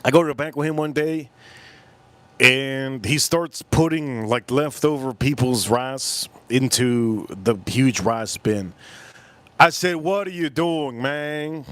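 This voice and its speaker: An American livestream host rambles and banters casually with his live chat, drinking between lines. His medium-pitched, fairly bright voice comes at a slow pace in a dry recording.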